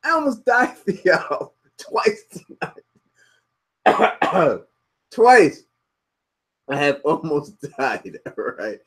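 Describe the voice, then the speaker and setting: A man hosting a video channel, talking loosely and excitedly between clips, often laughing. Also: on the high side, very slow, pauses often, breathy edge. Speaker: channel host. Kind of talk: casual video commentary.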